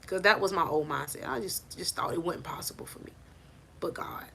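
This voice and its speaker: Woman, bright sharp voice, animated motivational faith talk, phone live stream. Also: lowish voice, fairly quick, vocal fry, whispered. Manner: preachy and animated, laughs and rises to near shouting. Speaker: life coach.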